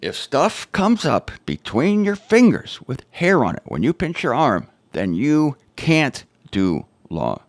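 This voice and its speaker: A man's voice: medium pitch, huge pitch swings, slow, hardly any pauses, dry recording. A man hosting his own show, teaching on the Bible in an informal, emphatic way with wry, sarcastic asides.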